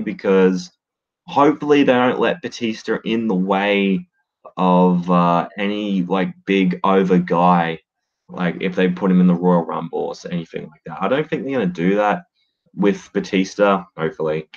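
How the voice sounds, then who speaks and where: Casual male podcaster, low voice, dull lo-fi mic, blunt and sweary. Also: moderate pace. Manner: blunt, swears freely, many fillers. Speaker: wrestling podcaster. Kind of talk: casual solo commentary. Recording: dull lo-fi sound.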